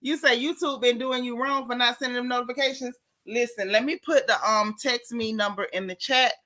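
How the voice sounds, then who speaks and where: A woman's voice: on the high side, steady tone, bright, forceful tone. Chatty gossip-stream woman greeting her viewers. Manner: chatty, greets viewers by name, drawn-out repeated phrases. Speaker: livestream gossip host. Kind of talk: casual live-stream chat.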